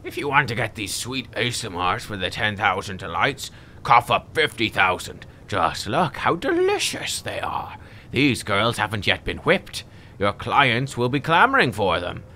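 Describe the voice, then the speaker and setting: A man's voice: on the low side, lively intonation, normal speed, pushed and bright, slight background noise. A man reading the lines of a fat, greedy, fawning male demon slave merchant in a game, in a wheedling salesman manner. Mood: oily. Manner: wheedling, smooth salesman talk.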